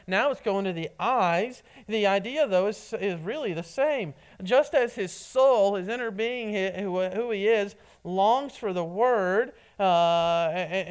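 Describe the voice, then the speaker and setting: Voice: medium pitch, moderate pace, few pauses, smooth. A preacher giving a sermon, often stumbling and repeating words as a phrase begins.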